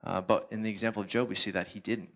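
A man, a missionary, giving a halting, earnest testimony to a church, often repeating words. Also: lowish voice, steady tone, vocal fry, a bit bright. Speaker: missionary speaker.

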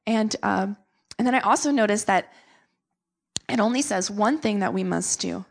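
A woman's voice: medium pitch, moderate pace, vocal fry. A young woman, a missionary, giving an earnest and emotional testimony to a church, with many fillers. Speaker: missionary speaker.

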